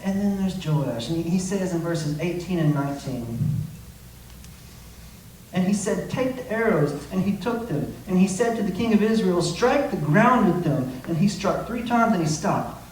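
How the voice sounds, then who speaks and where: Recorded from a distance in an echoey church sanctuary with faint noise, a pastor preaches with passion and acted-out quotes. His high voice is a little mellow, with lively intonation at a moderate pace.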